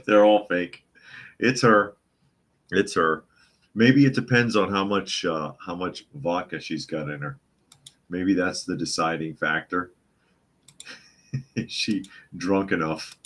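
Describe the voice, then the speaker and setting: A man's voice: sits low, slow, long pauses, fairly bright tone. A male podcast host giving live news commentary, reading viewer comments aloud with scornful chuckles. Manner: mocking, chuckling while reading chat comments.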